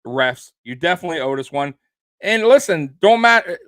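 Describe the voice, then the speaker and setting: A man's voice: on the high side, animated, normal speed, fairly bright tone, smooth, no echo. A young man in a casual sports rant, heated and profane, rambling and restarting his sentences as he talks. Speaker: sports podcast host.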